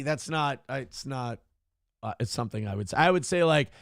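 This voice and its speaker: A man's voice: normal speed, vocal fry, clean tone, dry recording, clean studio sound. A man hosting a morning talk show, casually reading viewer comments aloud with sardonic mock indignation and cursing freely. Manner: puts on a high sing-song voice for quoted lines.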